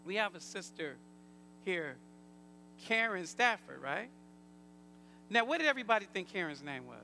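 Pastor, male, very high bright gravelly voice, call-and-response preaching, faint hum behind. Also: sing-song, moderate pace. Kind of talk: sermon.

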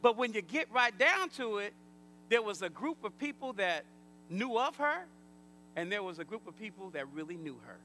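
High, bright-voiced preaching pastor. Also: male voice, big pitch swings, moderate pace, slight background noise. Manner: preaching with call-and-response, rising to shouts. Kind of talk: sermon.

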